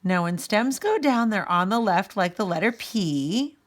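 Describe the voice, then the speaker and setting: A woman's voice: medium pitch, animated, measured pace. A woman music teacher giving a recorded lesson, patiently explaining step by step and speaking straight to her students.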